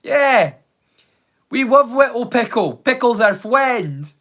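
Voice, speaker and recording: A man's voice: very high-pitched, big pitch swings, takes it slowly, a bit bright. A Scottish man chatting casually with live viewers, teasing and swearing freely. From Scotland. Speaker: live streamer.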